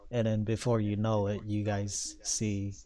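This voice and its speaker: A man running a tabletop role-playing game as game master, narrating the scene in a loose, halting way full of fillers. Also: lowish voice, monotone, dark tone.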